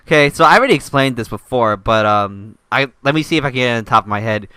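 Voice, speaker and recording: Lively, bright-voiced young man telling stories. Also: mid-range voice, quick pace, clean tone, no echo. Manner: laughing, animated storytelling. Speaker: channel host. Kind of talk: casual chat.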